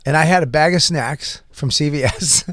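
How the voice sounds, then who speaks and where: A man telling a wild story as a comedy podcast guest, animated, acting out shouted quotes and laughing often. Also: a little high, normal speed, no room sound, clean studio sound. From Boston.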